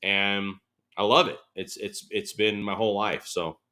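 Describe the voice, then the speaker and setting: A man's voice: fairly low pitch, measured pace. A man in his forties, a guest on an interview show, telling stories casually and acting out what others said. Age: 40s. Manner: animated storyteller, laughing, acts out quotes.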